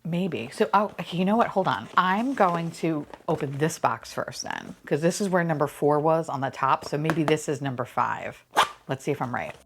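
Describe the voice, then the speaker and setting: Woman, unboxing vlogger, excitable, swears a lot, squealing laughs, very lively pitch. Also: normal speed, creaky, music in the background. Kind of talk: excited casual unboxing chat.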